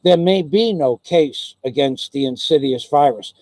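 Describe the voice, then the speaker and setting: A man's voice: on the high side, measured pace, a little mellow, no room sound. A man hosting a livestream, ranting angrily and with heavy profanity, often repeating his phrases. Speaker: livestream host. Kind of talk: angry livestream rant.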